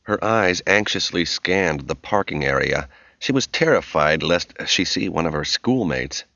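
Deep-voiced male audiobook narrator. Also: vocal fry, no room sound. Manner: measured storytelling, expressive. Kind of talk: scripted narration. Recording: dull, muffled audio.

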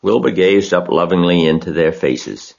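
A man with a husky voice reading a children's story aloud as narrator. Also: deep voice, moderate pace, lo-fi sound.

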